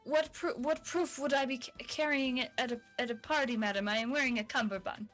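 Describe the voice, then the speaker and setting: A woman's voice: on the high side, fairly even intonation, normal speed, a bit bright, faint music behind, natural voice. Woman voices a formal, flustered man medic; stammers, stays polite. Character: flustered tall human man, stately medic.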